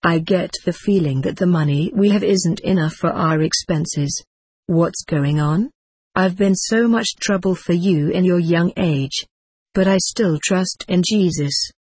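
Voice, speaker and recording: A frail, devout widowed mother pleads softly and slowly with her child, as a woman narrator gives her voice. The tone sits lowish and breathy, close and dry with no room around it, gentle and earnest throughout. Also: no echo. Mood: anxious. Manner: slow, tender, pleading. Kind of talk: audiobook character reading.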